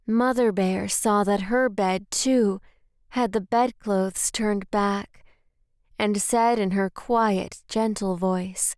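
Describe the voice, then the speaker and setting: A woman whose native language is Spanish, reading a children's story aloud in a slow, careful way. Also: mid-range voice, fairly even intonation, darkish tone, no echo, studio quality.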